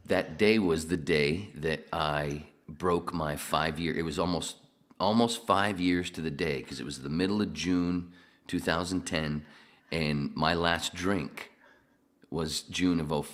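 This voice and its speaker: Man, podcast guest, casual chat, very low voice, laid-back, rambling. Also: a little slow, fairly bright tone.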